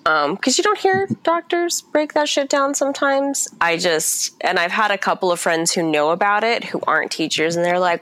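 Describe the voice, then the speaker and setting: A woman's voice: mid-range voice, animated, moderate pace, few pauses, a bit bright. A woman in her thirties, a teacher, venting with lots of swearing on a casual podcast while she is sick and exhausted. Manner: profane, angry venting.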